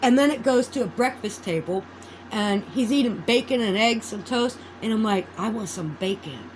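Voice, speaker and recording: A woman's voice: a little high, moderate pace, a little hiss or hum, rough recording. A woman vlogging in a casual, rambling chat. She swears freely and loses her train of thought.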